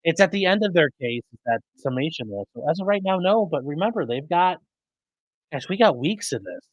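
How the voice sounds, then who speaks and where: Streamer host, male, casual chat to viewers, animated delivery, dry close mic. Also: on the high side, fairly quick, dry recording, dull audio. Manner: chatty, rambling, fixing mic settings mid-stream. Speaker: livestream host reading chat. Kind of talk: casual live commentary. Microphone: streaming desk mic.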